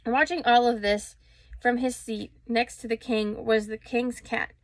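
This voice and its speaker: A woman reading a children's story aloud with expressive storytelling and a few small slips. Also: on the high side, unhurried, no echo.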